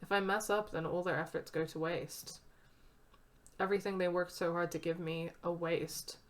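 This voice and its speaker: A woman's voice: lowish voice, steady tone, normal speed, lightly acted. A woman reading the lines of an earnest, self-doubting young woman in a story game. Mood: anxious. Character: anxious young woman best friend.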